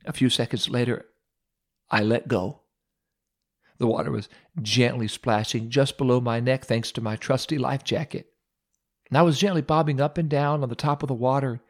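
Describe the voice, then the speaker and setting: Gravelly man telling a devotional story. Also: medium pitch, fairly even intonation. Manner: humorous self-mocking storyteller with dramatic pauses. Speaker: radio devotional host.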